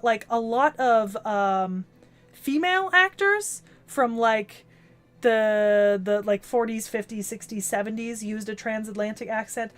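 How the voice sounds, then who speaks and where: A woman's voice: fairly high pitch, a bit bright. A young woman with a Californian accent chatting casually on an anime club podcast, rambling with lots of "like" and "um" and asking "right?". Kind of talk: casual chat.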